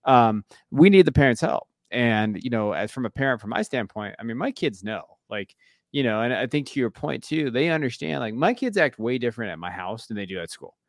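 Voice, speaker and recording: A man's voice: medium pitch, expressive, brisk, no echo, studio quality. A man in his thirties, a tired podcast co-host, chatting casually and rambling with lots of fillers and offhand swearing.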